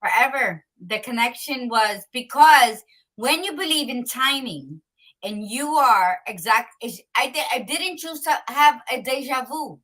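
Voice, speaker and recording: Bright-voiced woman hosting a chat. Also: fairly high pitch, expressive, measured pace, poor audio. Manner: chatty, mixes in Spanish asides. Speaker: host. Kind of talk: casual chat.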